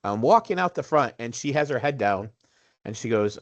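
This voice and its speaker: A man in his forties, a podcast co-host, telling a story in casual chat with animated, self-mocking humor. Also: medium pitch, normal speed, lo-fi sound. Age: 40s.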